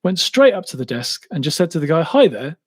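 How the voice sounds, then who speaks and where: An English man with a Cambridge-area accent talks through a live stream question-and-answer session. His voice sits a little high for a man, and his tone is loose and jokey. He swears casually and laughs at himself as he goes. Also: very animated, fast, husky. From England (Cambridge). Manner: chatty, self-mocking, swears casually. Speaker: motorcycle YouTuber answering live Q&A.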